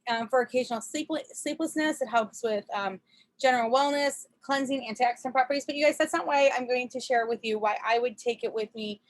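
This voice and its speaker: Woman, chatty storyteller, slightly high voice, laughs often, lots of fillers, video call from a camper. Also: fairly quick. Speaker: presenter. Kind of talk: casual talk on a video call.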